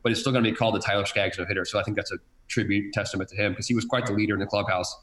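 A man who works as a TV sports director tells a story in a casual, halting and reflective way. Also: on the low side, fairly even intonation, fairly bright tone. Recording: roomy echo.

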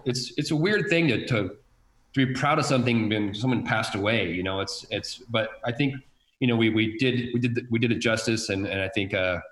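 A man who works as a TV sports director tells a story in a casual, halting and reflective way. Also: fairly low pitch, fairly bright tone. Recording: roomy echo.

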